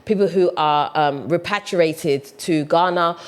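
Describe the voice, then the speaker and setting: A woman with a British accent, talking casually to camera in a chatty, animated way. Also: on the low side, measured pace. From United Kingdom. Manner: chatty, animated, mimics other voices. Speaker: vlogger.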